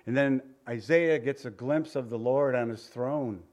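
A male pastor preaching an expository sermon in a conversational, animated way, often asking his listeners questions. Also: mid-range voice, moderate pace, hardly any pauses.

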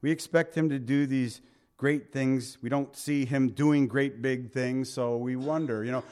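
A man preaching a sermon, swinging between loud emphatic lines and hushed soft ones. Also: mid-range voice, expressive, a little slow. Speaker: pastor.

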